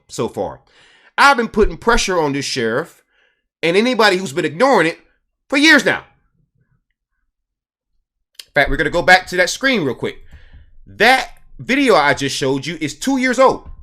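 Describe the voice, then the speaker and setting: Animated high-voiced male commentator. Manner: emphatic, repeats words for stress. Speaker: host.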